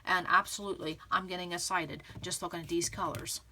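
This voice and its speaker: Bright-voiced chatty woman crafter. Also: lowish voice, steady tone, fairly quick, slight background noise. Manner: chatty, encouraging, repeats "okay" and "again". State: clearing throat from pollen. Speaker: scrapbooking channel host. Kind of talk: casual craft tutorial talking to viewers.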